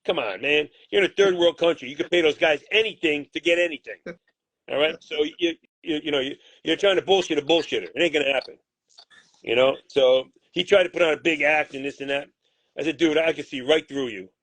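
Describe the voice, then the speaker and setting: A man talking in a heated interview, his voice pitched on the high side and his speech blunt and full of profanity. The sound is dry and close, with no room echo. He comes across as combative and fired up. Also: fairly quick, a bit bright. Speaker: boxing manager.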